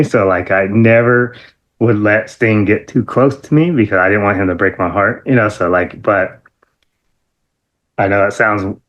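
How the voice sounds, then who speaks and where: Excitable man telling stories. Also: moderate pace. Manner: excitable, many fillers, jumps into high-pitched quoted outbursts, laughs often. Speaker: interview guest, former wrestler. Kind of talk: animated storytelling.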